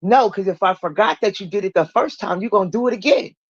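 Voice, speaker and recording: Talking at a quick pace with a breathy edge, a woman shares her own recovery story on a casual livestream, blunt and full of profanity. She gets animated, acting out quoted people in a raised pitch. The dull audio has no echo.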